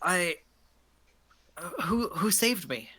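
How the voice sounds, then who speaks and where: A woman's voice: on the low side, expressive, a bit bright. Woman playing a timid, shaken young woman. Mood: bewildered. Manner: hesitant, halting speech. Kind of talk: tabletop role-play character voice.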